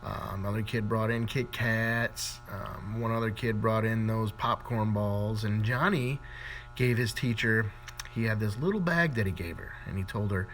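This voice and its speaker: A man casually telling a string of jokes in a relaxed storytelling manner, with a few fillers. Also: fairly low pitch, normal speed, faint music behind. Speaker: joke teller.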